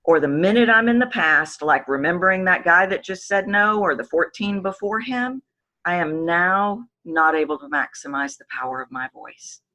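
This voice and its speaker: A woman vocal coach speaking as a podcast guest, animated, sometimes shifting her voice to demonstrate. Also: lowish voice, normal speed. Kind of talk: podcast interview.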